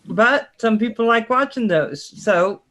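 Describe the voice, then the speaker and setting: A woman's voice: fairly high pitch, expressive, measured pace, fairly bright tone. Woman, co-host of a live drone chat; chatty, teasing, loves a story. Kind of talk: casual live-stream chat.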